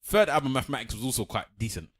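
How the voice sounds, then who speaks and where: Guy on a podcast, talks quick, voice jumps all over. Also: medium pitch. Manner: animated storytelling, reads out quotes. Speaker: podcast co-host. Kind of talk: casual chat.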